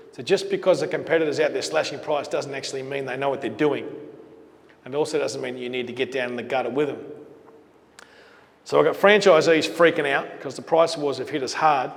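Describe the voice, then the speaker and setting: A middle-aged man with an Australian accent telling a business story to an audience as a keynote speaker, acting out the dialogue of the people in it. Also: on the high side. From Queensland, Australia. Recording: long hall reverb.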